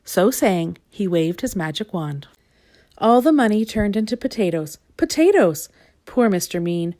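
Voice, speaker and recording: A woman reading a children's picture book aloud with gentle, expressive storytelling. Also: on the low side, normal speed. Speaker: storybook reader.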